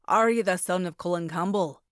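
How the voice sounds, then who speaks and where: Brief: woman narrator putting on a heartfelt man with a broad Scottish accent, old-style phrasing, low voice. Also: fairly quick, smooth, dry recording, clean studio sound, natural voice. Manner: formal, archaic Scots phrasing. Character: warm emotional Scottish man with thick accent.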